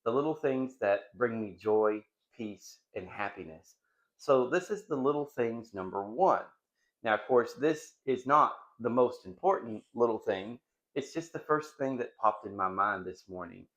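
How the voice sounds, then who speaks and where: A man's voice: mid-range voice, animated, a little slow, fairly bright tone. A middle-aged man hosting a casual home vlog from his dining room, chatty and rambling, often breaking into giggles. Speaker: vlog host.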